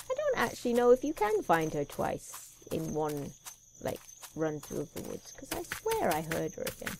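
A woman's voice: sits low, huge pitch swings, normal speed, darkish tone, a little hiss or hum. A young woman commentating a horror game as she plays, sweary, sarcastic and jumpy. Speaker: let's play gamer.

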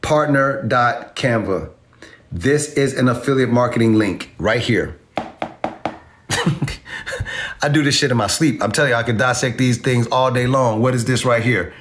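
A man's voice: mid-range voice, normal speed, pauses often, a bit bright. A man teaching online marketing in a casual livestream, brash and profane, talking to his viewers with swagger. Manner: addresses viewers as y'all.

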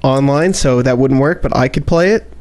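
A man's voice: mid-range voice, normal speed, a little mellow. A man co-hosting a casual gaming podcast, chatting in a rambling, hesitant and playful way. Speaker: podcast co-host. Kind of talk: casual chat.

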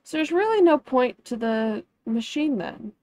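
Slow-talking giggly woman streamer. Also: sits high, big pitch swings, a little mellow, no echo. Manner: chatty, giggly, trails off with ums. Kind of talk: casual gaming stream chat.

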